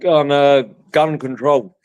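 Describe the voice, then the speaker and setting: A man's voice: on the high side, steady tone, slow pace, clear, resonant tone, muffled recording. A middle-aged man from England hosting a casual livestream chat, rambling and joking with crude humour. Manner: rambling, jokey, swears freely. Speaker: livestream host.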